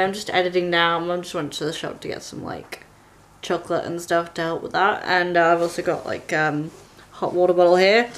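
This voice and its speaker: A woman in her twenties with an English accent, chatting casually to her camera at home as a vlogger, soft-spoken and rambling with lots of fillers. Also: fairly low pitch, a little hiss or hum. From England. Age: 20s. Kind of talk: casual vlog chat. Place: at home, indoors. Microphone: handheld compact camera.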